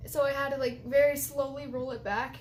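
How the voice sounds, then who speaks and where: A woman's voice: high-pitched, little pitch movement, a little fast, darkish tone. Rambling, chatty late-teen woman. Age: late teens. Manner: rambling, chatty, laughs often between remarks. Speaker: vlogger. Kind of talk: casual confessional vlog.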